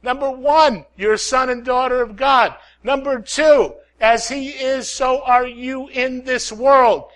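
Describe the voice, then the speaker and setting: High-voiced, slow-paced male preacher. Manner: preaches with swings from loud calls to hushed prayer; repeats lines and asks the crowd "Amen?". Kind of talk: sermon.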